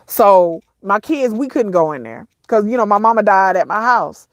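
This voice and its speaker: Through tears, a woman with a mid-range voice recounts a painful story for her viewers in a dry recording. She's a vlogger who halts, repeats herself, addresses everyone as "y'all," and at times her voice cracks.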